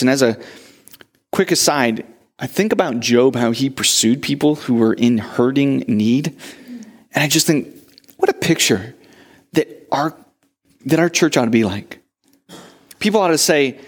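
A man's voice: lively intonation, normal speed. A man preaching a sermon in a conversational way. He often restarts his phrases and lifts his voice when he speaks Job's lament. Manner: rises in pitch when voicing Job's lament. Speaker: pastor. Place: church.

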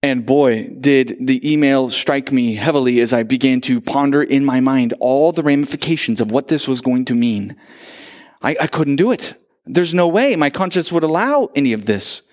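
A man's voice: mid-range voice, normal speed. A man preaching a sermon, telling stories animatedly and acting out the quotes. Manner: animated storytelling with acted-out quotes. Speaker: pastor.

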